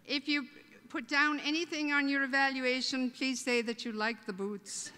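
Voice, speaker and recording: Woman, Irish accent, high voice, bright tone, folksy humorous welcome speech. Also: steady tone, moderate pace, slight background noise. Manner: warm, joking, folksy. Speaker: host welcoming a convention. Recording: reverberant convention hall.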